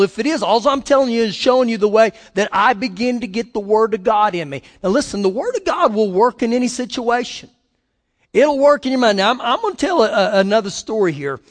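A man's voice: sits high, in a large hall. A man preaching a sermon as pastor, emphatic, repeating phrases and putting questions to his listeners.

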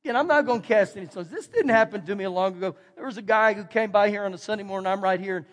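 A middle-aged man with a Texan accent, preaching a folksy, animated storytelling sermon and repeating phrases for emphasis. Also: sits high, racing. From Texas. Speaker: pastor. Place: church sanctuary. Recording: long hall reverb.

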